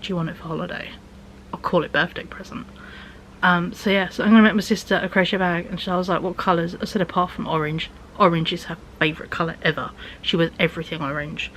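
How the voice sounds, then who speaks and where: A woman's voice: on the low side, a bit bright, a little hiss or hum, poor audio. A young woman vlogging in a rambling, casual chat, often dropping to a near-whisper.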